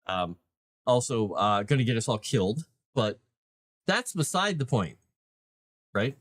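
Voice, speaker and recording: Casual male livestream host, middle pitch, rambling and chatty, close dry sound. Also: big pitch swings, unhurried, dry recording. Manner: rambling, chatty, with many fillers and restarts. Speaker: livestream host and game master.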